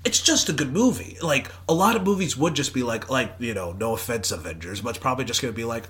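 A young man co-hosting a casual podcast, talking in a playful, jokey, animated way. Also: mid-range voice, fast, hardly any pauses. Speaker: podcast co-host. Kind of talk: casual chat.

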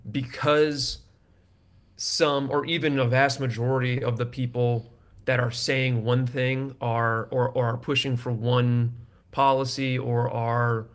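A man's voice: mid-range voice, level tone, takes it slowly. Male co-host arguing a point casually. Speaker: podcast co-host. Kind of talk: casual podcast chat.

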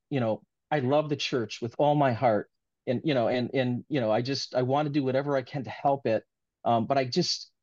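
A man of middle pitch talks earnestly and at length in a casual interview, circling back on his thoughts with heartfelt warmth. The audio is dull and lo-fi. The room is dry and close. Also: no echo. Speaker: author being interviewed.

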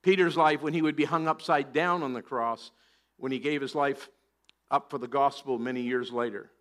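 A man's voice: mid-range voice, steady tone, moderate pace, a bit bright. A middle-aged man preaching a sermon, animatedly acting out scripture voices. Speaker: pastor.

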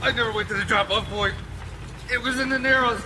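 Actor playing a pleading, stammering crook. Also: male voice, sits high, fairly even intonation, fast, lightly acted. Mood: frightened. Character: terrified male crook under interrogation. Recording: film clip with loud noise.

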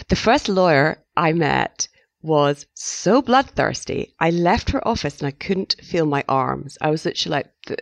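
A middle-aged woman, a journalist, speaking frankly as a guest in an interview, telling her story with lively quoted asides. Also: fairly low pitch, gravelly, dry recording. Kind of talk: candid interview conversation.

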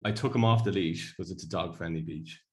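Man, Irish accent, very low voice, thirties, podcast co-host, rambling anecdotes. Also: a little fast, a little mellow. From Ireland. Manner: rambling storyteller, laughs often. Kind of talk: casual chat.

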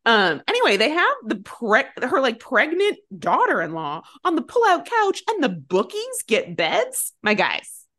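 A woman's voice: sits high, huge pitch swings, unhurried, a bit bright, no echo, clean studio sound. A woman in her thirties co-hosting a podcast, chatting casually and sarcastically about a movie, slipping into voices for quotes. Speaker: podcast co-host. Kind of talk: casual movie-review chat.

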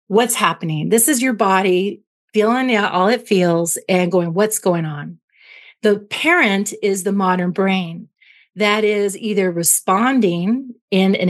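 A woman clinical psychologist as an interview guest, explaining emotions through everyday analogies and checking in with "right?" as she goes. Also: mid-range voice. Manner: teaching through analogies, tags points with "right?".

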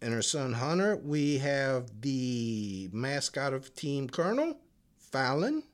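A man co-hosts a podcast, trading casual banter full of teasing and jokes. He's hesitant, with frequent ums, and speaks slowly at a medium pitch in a sing-song way.

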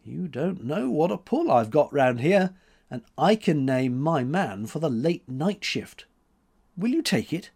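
A headstrong young woman sculptor teases and scolds in a raised, swooping voice, as a male reader puts her on. Her lines come slowly, with big leaps of pitch. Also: sing-song, creaky, darkish tone, husky, heavily acted. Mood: teasing. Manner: teasing, quick-tempered, higher voice.

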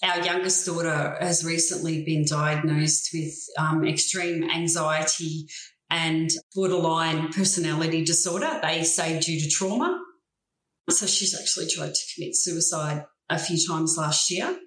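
A middle-aged Australian woman, a guest telling her own story in a frank, plain-spoken and steady way. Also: low-pitched, measured pace. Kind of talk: personal story in a conversation. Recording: roomy echo.

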